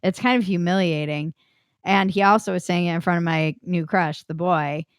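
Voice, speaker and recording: A woman's voice: lowish voice, fairly even intonation, normal speed, smooth, no room sound, studio quality. A woman guest on a podcast, telling a personal story in a frank, blunt way, loose with fillers.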